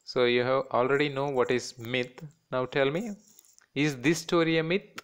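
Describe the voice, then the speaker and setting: A man's voice: medium pitch, normal speed, clear, resonant tone. A man teaching a children's class in Indian English, patiently repeating words and breaking them into syllables.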